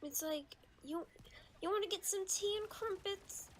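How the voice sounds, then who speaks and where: A woman playing a ditzy young woman who explains made-up slang in a slow, hesitant, airheaded way. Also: extremely high pitch. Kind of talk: comedy sketch video.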